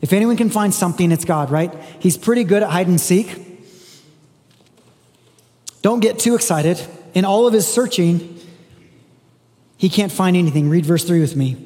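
High-voiced man preaching in a reverberant hall. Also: moderate pace, long pauses, warm tone. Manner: conversational preaching, reads scripture aloud with emphasis. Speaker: pastor. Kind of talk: sermon.

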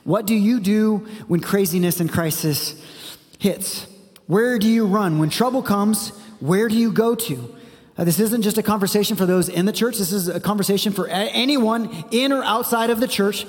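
Pastor, forties, male, high voice, casual sermon delivery, long hall reverb. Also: moderate pace. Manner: conversational preaching, rhetorical questions.

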